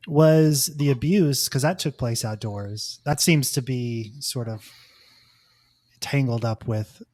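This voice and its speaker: A man's voice: medium pitch, slow pace, warm tone. A man hosting a podcast, asking a guest a long, searching question with hesitant restarts. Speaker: podcast host. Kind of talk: interview questions.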